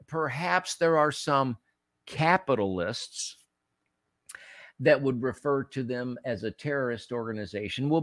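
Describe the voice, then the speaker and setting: A man's voice: mid-range voice, no echo. A man hosting a political commentary show, speaking in a heated, emphatic way and repeating phrases for effect.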